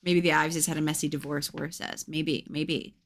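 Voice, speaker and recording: Woman streamer, slightly low voice, reads aloud with chatty wry asides. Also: level tone, moderate pace, fairly bright tone. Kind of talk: reading a gamebook aloud with commentary.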